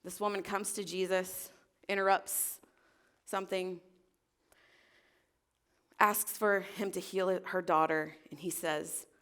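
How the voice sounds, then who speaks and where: A woman's voice: lowish voice, flat delivery, slow pace, long pauses, fairly bright tone. A woman preaching a casual, conversational sermon in a church service. She is chatty and self-deprecating and keeps asking the congregation questions.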